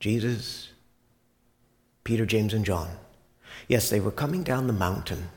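A man's voice: lowish voice, expressive, unhurried. A man preacher retelling a Bible story dramatically, sometimes dropping to a whisper.

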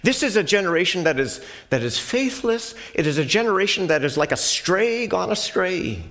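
A man's voice: sits high, sing-song, moderate pace, a bit bright, pitched above the performer's own voice, heavily acted. A man voicing an exasperated teacher who rebukes a faithless crowd and gives commands.

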